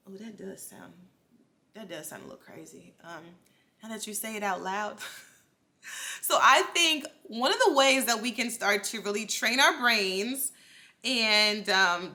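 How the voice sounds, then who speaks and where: A woman's voice: on the high side, bright, forceful tone. A young adult woman hosting her own podcast, talking casually and encouragingly straight to her listeners, with frequent restarts and asides. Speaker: podcast host. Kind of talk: casual solo podcast talk.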